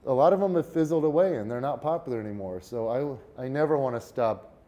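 Animated man telling stories, mellow voice. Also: medium pitch, fast talker. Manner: animated, restarts words often. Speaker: podcast guest, fitness entrepreneur. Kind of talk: casual interview storytelling.

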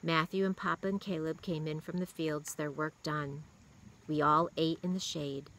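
A woman reads a children's novel aloud with a steady, expressive delivery. Her voice is pitched a little low, yet the tone is bright and crisp. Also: moderate pace, slight background noise, rough recording. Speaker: reader.

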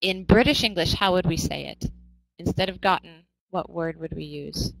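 A woman's voice: on the low side, normal speed, vocal fry, no room sound, poor audio. An American woman teaching English in a live online class, upbeat and coaxing, often asking her students questions.

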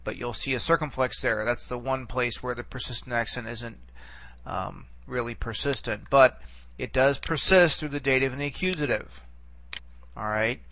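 A man's voice: medium pitch, moderate pace, pushed and bright, slight background noise. A man teaching a recorded lesson, explaining patiently and checking in often with "okay". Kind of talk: recorded lecture.

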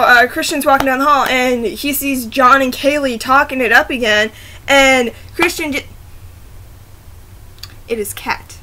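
High, bright-voiced giggly woman vlogging. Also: a little hiss or hum. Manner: giggly, rambling, often restarting and apologizing. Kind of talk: casual chat to camera. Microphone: laptop camera microphone.

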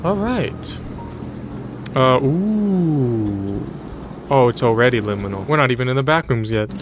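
An excitable young man plays a horror game and talks over it, joking, swearing and laughing as he goes. His voice sits at an everyday middle pitch, and loud game music fills the background. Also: measured pace. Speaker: gaming YouTuber. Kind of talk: let's-play commentary.

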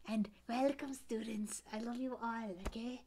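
A woman's voice: a little high, steady tone, unhurried, warm tone, slight background noise. A woman playing a bubbly young woman student who gushes about helium, slipping into whispered asides. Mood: giddy. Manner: giddy, gushing, lots of whispered asides. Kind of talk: comedy sketch character.

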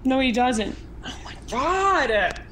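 A woman with a high, bright, edgy voice snaps back at trolls on her stream. Her audio carries a faint background hiss. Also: sing-song, takes it slowly. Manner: defensive, snapping back. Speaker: streamer being raided. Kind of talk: angry live stream rant.

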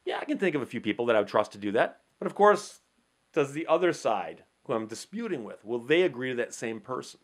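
A mid-range male voice with big pitch swings speaks fast as this legal commentator addresses the camera. His conversational, explanatory monologue mixes rhetorical questions with short acted-out courtroom exchanges.

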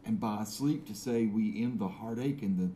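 A man's voice: fairly low pitch, normal speed, mellow, slight background noise, lightly acted. A man reading a tragic soliloquy in a put-on English accent, with theatrical, self-consciously grand delivery. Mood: solemn. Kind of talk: dramatic recitation.

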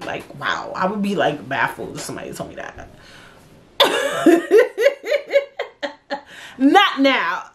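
A woman's voice: slow, pauses often. Blunt, profane woman podcast host. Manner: blunt, profane, animated with big pitch jumps. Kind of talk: casual solo podcast talk.

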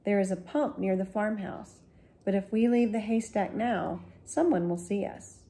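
A woman voicing a calm, protective older brother from a storybook who speaks in a steady, reassuring way. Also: mid-range voice, moderate pace, natural voice.

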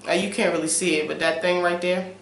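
A young woman in a casual talk-to-camera vlog, animated and preachy, who keeps checking in with "okay?" and swings between loud emphasis and soft asides. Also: on the low side, fast, reverberant, slight background noise. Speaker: vlogger. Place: room at home, late at night.

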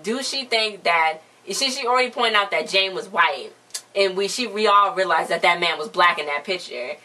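A woman's voice: fairly low pitch, moderate pace, sharp tone, distant mic. A woman co-hosting a casual chat, retelling a TV episode in a rambling way, with lots of "so then she was like". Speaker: show co-host.

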